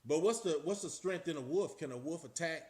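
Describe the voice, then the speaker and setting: A man's voice: a little high, lively intonation, fairly quick, darkish tone. Streetwise middle-aged Texan man musing aloud. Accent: Texas. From Austin, Texas. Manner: preachy, rhetorical questions, streetwise slang. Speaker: vlogger. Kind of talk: casual talking to camera. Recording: roomy echo.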